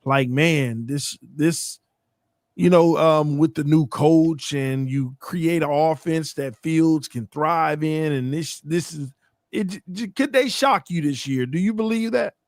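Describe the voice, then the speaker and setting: A man's voice: a little high, takes it slowly, no room sound, clean studio sound. A man on a casual podcast panel, playfully asking loose questions.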